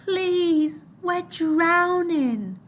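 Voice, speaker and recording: A woman's voice: extremely high pitch, expressive, extremely slow, a bit bright, a little hiss or hum, voice pushed up, heavily acted. A woman reading aloud, voicing a desperate teenage boy who cries out and pleads from the water. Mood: pleading desperate. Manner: pleading, crying out.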